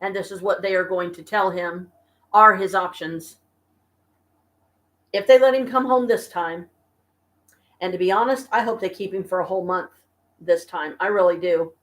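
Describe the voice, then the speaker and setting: An exhausted, stressed woman venting to her viewers in a casual live-stream chat from her apartment, talking slowly and haltingly. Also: lowish voice. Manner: weary, venting, slow and halting. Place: home apartment.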